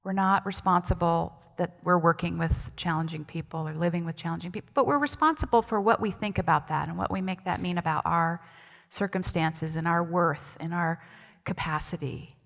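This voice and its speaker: A woman's voice: on the low side, normal speed, vocal fry, a bit bright. A woman associate minister giving a conversational sermon, chatty and asking the congregation questions. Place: church sanctuary. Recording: long hall reverb in a sanctuary.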